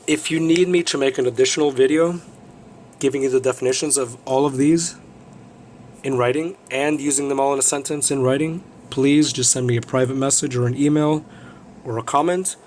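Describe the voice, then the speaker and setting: A male teacher walks through vocabulary for his class, with a mid-range voice and a plain, explanatory way of talking. He keeps checking in with a quick "okay?", and a faint hiss of background noise sits under the recording. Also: medium pitch. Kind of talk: recorded vocabulary review lesson.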